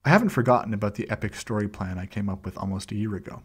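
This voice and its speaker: A man reads a journal aloud in the first person at an even, measured pace, and he slows down on each date. His voice sits fairly low and has a husky, breathy grain. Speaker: channel host reading a document aloud.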